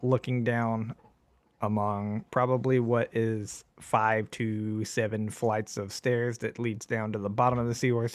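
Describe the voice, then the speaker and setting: A man running a tabletop game as game master, describing scenes in a relaxed way with lots of fillers. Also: lowish voice, no room sound. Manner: relaxed, filler-heavy narration.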